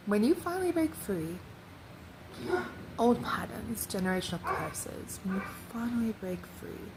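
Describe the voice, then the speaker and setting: A woman talking through her spiritual thoughts in a loose, wandering monologue. Her pitch sits in an ordinary middle range, and she slips into hushed whispers now and then. A steady hiss of background noise runs under her voice. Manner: drifts into soft whispers, meandering and reflective. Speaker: vlogger sharing spiritual channeling.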